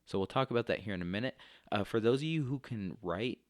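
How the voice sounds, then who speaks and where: A male teacher giving a recorded lecture, explaining step by step and often pausing with fillers. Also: on the low side, expressive, no room sound, studio quality.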